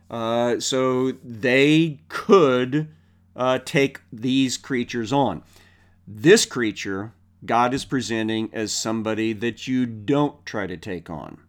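A man teaching a Bible passage verse by verse, reading the scripture aloud and then explaining it in a conversational way, with rhetorical questions and frequent fillers. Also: medium pitch.

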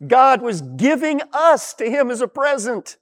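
Male Bible teacher, high voice, animated and explanatory. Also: measured pace.

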